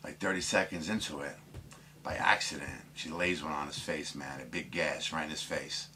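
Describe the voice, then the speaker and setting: A man's voice: extremely low pitch, fairly even intonation, moderate pace, pushed and bright, slight background noise. A man telling dirty jokes casually, rambling with lots of fillers and putting on voices for the characters. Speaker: joke teller.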